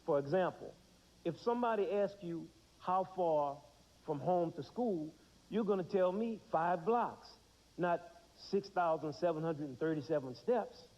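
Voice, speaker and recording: A man in his thirties teaches children about music, putting questions to the class and then answering them himself. His voice sits a little high. The sound is dull, like a 1990s TV broadcast. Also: a little slow, a little mellow. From United States. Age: 30s.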